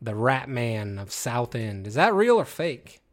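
A man's voice: medium pitch, big pitch swings, measured pace. A man hosting a casual guessing game, reading descriptions aloud, often laughing mid-sentence and stumbling over words. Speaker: game host.

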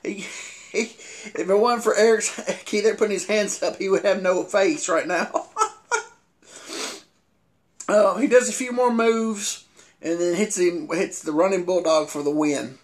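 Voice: mid-range voice, a little slow. A podcast co-host in casual wrestling chat, laughing often and easily tickled.

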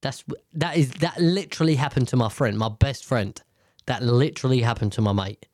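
A man's voice: medium pitch, fairly quick, darkish tone. A man talks off the cuff on his own podcast, drifting from point to point and swearing as he goes. His voice sits in a middle register. The sound is close and dry, with no room echo. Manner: rambling, profane, restarts often. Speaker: podcast host. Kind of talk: casual solo podcast rant. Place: at a table at home.

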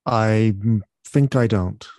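A man hosting a podcast, asking questions in a relaxed, hesitant way. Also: lowish voice, takes it slowly, no echo. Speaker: podcast host. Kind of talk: casual interview.

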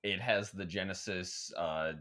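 A man's voice: low-pitched, fairly even intonation, unhurried, pushed and bright. A man co-hosting a podcast, telling a rambling college anecdote in casual chat, swearing and laughing along. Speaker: podcast co-host.

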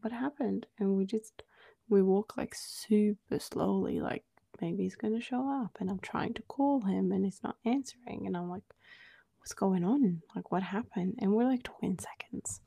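A woman with a husky, gravelly voice tells a story in a relaxed, chatty way. Her tone is dark and mellow, and she fills her talk with "like"s while acting out what each person said. She sounds like a podcast co-host in easy conversation. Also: mid-range voice, moderate pace, dry recording. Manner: chatty, many "like"s, acts out quoted dialogue. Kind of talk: casual storytelling chat.

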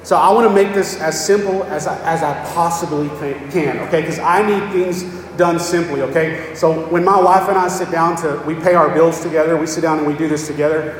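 Fairly quick and with hardly any pauses, this pastor preaches in a steady, highish voice, keeping things conversational and checking in with "okay?" again and again. A little hiss or hum sits under the recording, which places him far away in an echoey hall.

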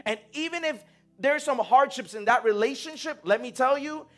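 High-voiced young man preaching casually. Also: normal speed, a bit bright, soft background music. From United States. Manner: conversational, slangy preaching with acted-out quotes. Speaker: pastor. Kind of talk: sermon.

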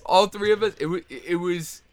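A man playing a tabletop game with friends, giggly and quick to break into loud laughter. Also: high voice, dry recording. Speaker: player. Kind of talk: playful tabletop banter.

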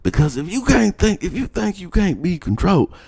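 Man doing a stern principal: lecturing, talks down, voice pushed up high. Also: big pitch swings, brisk, gravelly, a little mellow, husky, heavily acted. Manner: lecturing, condescending.

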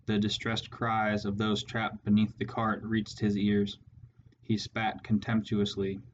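Slow, flat-voiced male narrator. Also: fairly low pitch, highs cut off, slight background noise. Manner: measured, steady reading. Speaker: audiobook narrator. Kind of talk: scripted narration.

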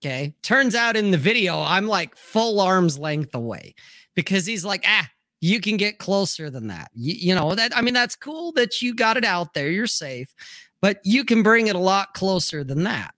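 Male co-host, casual chat, profane rambling storyteller; tense, slightly high voice. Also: sing-song, moderate pace, bright, forceful tone, no room sound, clean studio sound.

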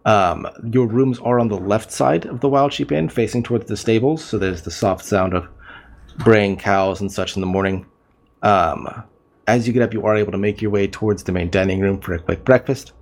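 A man's voice: fairly low pitch, moderate pace, creaky. A man running a tabletop game as game master over an online voice call, narrating hesitantly with many ums.

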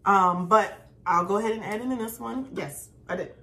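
A woman's voice: mid-range voice, normal speed, pushed and bright, roomy sound, a little hiss or hum. A woman co-hosting a casual chat about a reality show, teasing and laughing often. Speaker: podcast co-host.

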